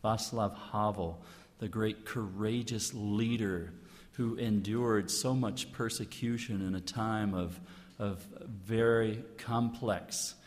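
A man giving an earnest, emphatic inspirational talk as a guest speaker, stressing key phrases slowly. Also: on the low side, steady tone. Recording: long hall reverb.

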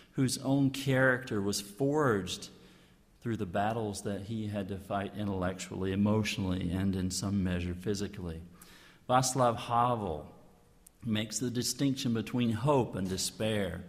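Earnest man speaking in a reverberant hall. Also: lowish voice. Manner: earnest, emphatic, with slow stressed phrases. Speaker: guest speaker. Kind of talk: inspirational talk.

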